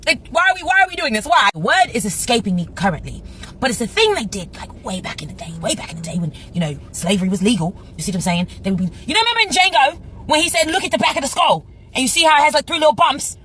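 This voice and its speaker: Bright, fast, ranting woman. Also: fairly high pitch, sing-song, a little hiss or hum. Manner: incredulous, rambling, profane. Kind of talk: ranting commentary.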